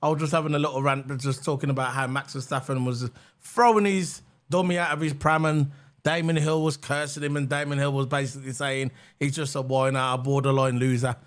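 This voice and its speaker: A man's voice: mid-range voice, little pitch movement, brisk. A man hosting a reaction livestream, ranting heatedly and mocking, repeating phrases for emphasis. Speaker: livestream host.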